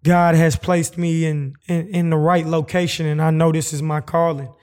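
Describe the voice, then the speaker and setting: A man's voice: fairly high pitch, level tone, moderate pace, darkish tone, clear, resonant tone. A football player answering an interview question in an earnest way, often stumbling and repeating his words.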